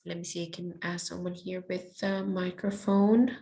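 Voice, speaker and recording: A woman's voice: on the low side, level tone, normal speed, vocal fry, dark tone. Upbeat woman teaching English. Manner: encouraging, praises often, switches to Spanish. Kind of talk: online class teaching.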